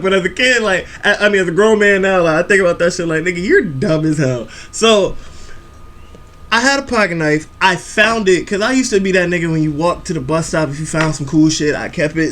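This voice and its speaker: A young man telling a profane, animated story on a reaction video channel. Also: high-pitched. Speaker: YouTube reaction host. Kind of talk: storytelling vlog chat.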